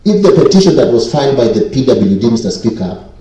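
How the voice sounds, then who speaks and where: A man's voice: mid-range voice, sing-song, mellow. A man from Kenya presenting a committee report in a county assembly, formally addressing the Speaker over and over. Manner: repeats 'Mister Speaker' constantly, formal and deliberate. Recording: echoey chamber, distant mic.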